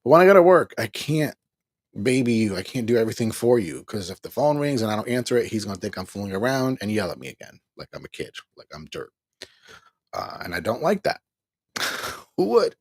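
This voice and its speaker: A middle-aged man hosting a livestream, talking in a weary, exasperated way with a husky voice and rueful laughs while he reads the chat. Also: lowish voice, lively intonation, brisk, no room sound, studio quality. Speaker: livestream host. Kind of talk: venting on a livestream, reading chat.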